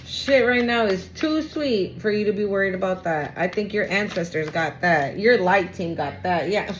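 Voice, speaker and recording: In a casual tarot reading for her viewers, a young woman speaks at medium pitch and normal speed, exclaiming in slang and getting emotional to the point of nearly crying at times. Slight background noise can be heard.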